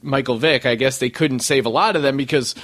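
A man's voice: mid-range voice, a little fast, a bit bright. A man hosting a podcast in casual, rambling chat, laughing often. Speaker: podcast host.

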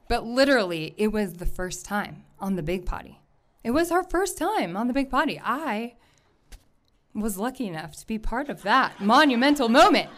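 A high-voiced woman telling a personal story to a live audience. She is animated and laughs often as she goes, slipping into the voices of the people she is describing.

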